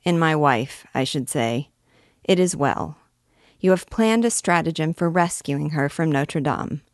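Woman voicing a boastful male poet, low, slow, rambling, very close and dry. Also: no echo. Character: vain chattering male poet, pleased with himself.

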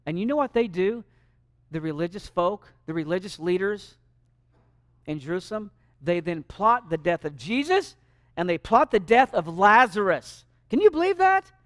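A male pastor preaching a sermon, emphatic, swinging between loud and hushed. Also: high-pitched, big pitch swings, normal speed, no echo, clean studio sound.

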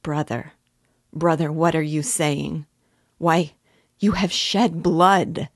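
A woman's voice: deep voice, slow pace, no echo, studio quality. A woman reading the lines of an anxious, loving young sister in a novel, pleading and anguished. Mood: despairing.

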